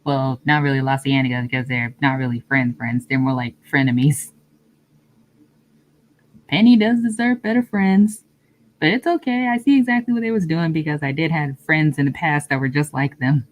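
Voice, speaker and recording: A woman streamer with a low-sitting voice talks at normal speed in casual live-stream chat, answering her viewers' comments and laughing often.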